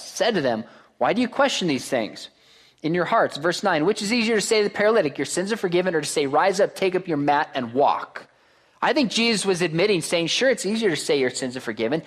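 A man preaching a sermon to a congregation, reading verses aloud and putting questions to the crowd. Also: fairly high pitch. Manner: animated, asks the crowd questions. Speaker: pastor.

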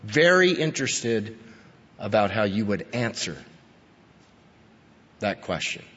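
A man preaching a sermon in a church, his husky voice carrying a long hall reverb. He is emphatic, pushing up to stress points and sinking low after them. The recording sounds dull and lo-fi. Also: big pitch swings, takes it slowly, fairly bright tone. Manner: emphatic, rising to stress key points then dropping low. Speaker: pastor.

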